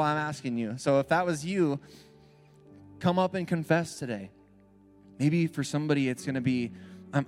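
Man preaching in church, casual and conversational, mid-pitched voice, faint music behind. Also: darkish tone. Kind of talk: sermon.

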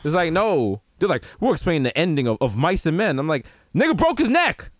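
Animated New guy telling stories. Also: a little high, a little fast, no echo. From New York. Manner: animated storytelling, acts out other voices. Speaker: podcast co-host. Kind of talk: casual comedic chat.

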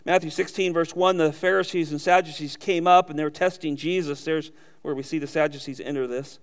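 Man, high-pitched voice, sermon, emphatic peaks and hushed asides. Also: steady tone, fairly quick. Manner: preaching with rising emphatic peaks and quiet low asides. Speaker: pastor.

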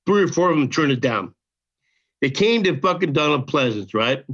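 An older man telling a story as a podcast guest, in a casual, profane, animated way, acting out the people he quotes. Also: on the high side, normal speed. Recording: dull lo-fi sound.

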